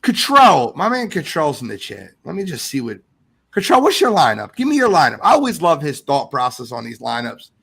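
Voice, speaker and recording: A man hosting a live sports podcast, talking in a lively, animated way as he reads out viewer comments. His voice sits a little high and has a gravelly edge to it. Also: fairly quick. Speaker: podcast host. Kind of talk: casual live podcast chat.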